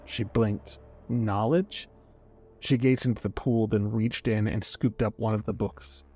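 A man narrating a story aloud in a measured, dramatic reading. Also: fairly low pitch, flat delivery, dark tone, husky. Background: faint background music.

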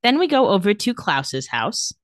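A woman co-hosting a casual podcast, recapping a TV episode and paraphrasing its dialogue. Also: mid-range voice. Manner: animated, reads out dialogue in quick paraphrase. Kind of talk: casual chat.

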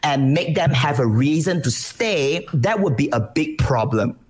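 Lively Malaysian woman streamer. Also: low-pitched, a little slow. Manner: animated, lively delivery with frequent restarts. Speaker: Twitch streamer, guest. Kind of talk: casual interview chat.

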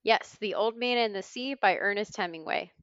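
A woman hosting a trivia podcast, reading clues in a brisk, wry way. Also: medium pitch, a bit bright, clear, resonant tone, no echo. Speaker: quiz host. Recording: slightly dull lo-fi sound.

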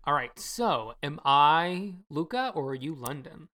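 Low-voiced sarcastic podcast co-host woman. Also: very animated, unhurried, a bit bright. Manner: chatty, sarcastic, lots of fillers. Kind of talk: casual chat.

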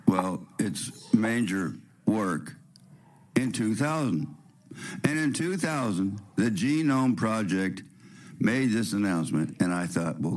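This spiritual radio host has a fairly low, raspy voice and the sniffles of a cold. He preaches in a rambling manner, tossing out rhetorical questions and starting his sentences over.

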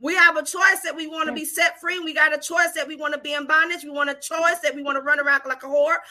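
A woman preacher, delivering a fiery sermon with call-and-response, shouting and repeating phrases. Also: high-pitched, steady tone, fast.

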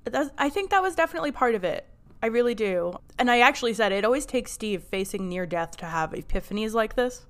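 A woman with a New Jersey accent co-hosting a casual podcast, upbeat and quick to agree and laugh. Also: on the high side, lively intonation. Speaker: podcast co-host. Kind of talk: casual chat.

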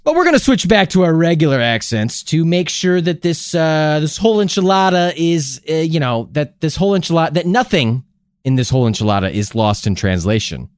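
A man co-hosting a comedy podcast, talking in a loose, halting, rambling way with jokes. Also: a little high, very animated, dry recording, clean studio sound. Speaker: podcast co-host.

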